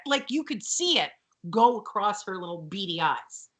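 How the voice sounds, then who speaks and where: A woman co-hosting a casual podcast, recapping scenes with sarcasm and mimicking characters. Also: normal speed. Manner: animated, sarcastic, mimics characters in high shrill bursts. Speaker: podcast co-host.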